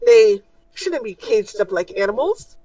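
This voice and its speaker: A woman's voice: a little high, sing-song, measured pace, dark tone, no room sound, far from the mic, voice pushed up, rough recording. A woman voicing an older white-haired male scholar who speaks earnestly and stands up for fairness. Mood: indignant. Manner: protests firmly, fair-minded.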